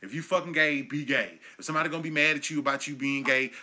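A man in his thirties hosting his own comedy podcast, ranting profanely and swinging between low mutters and loud yelling. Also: fast. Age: 30s. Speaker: podcast host.

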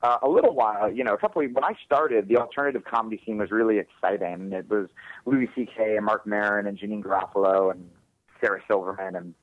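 A man's voice: on the low side, fast talker, no room sound, narrow, tinny audio. A man who does stand-up comedy, talking casually in an interview, rambling, swearing and often laughing.

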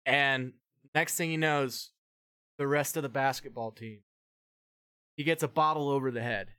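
A man hosting a podcast who tells a long story in a rambling, animated way, swearing freely and acting out the voices of the people in it. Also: medium pitch, measured pace, clean tone. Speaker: podcast host. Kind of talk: casual storytelling chat.

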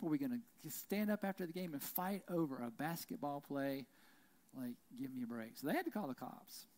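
Male pastor, casual conversational sermon, animated storyteller. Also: a little high. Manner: conversational, frequent "right?" tags, animated storytelling. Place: church.

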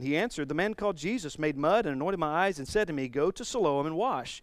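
A man preaching a sermon, retelling a scripture story with animated swings between quiet and loud passages. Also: fairly high pitch, fast talker, hardly any pauses, no room sound. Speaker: pastor.

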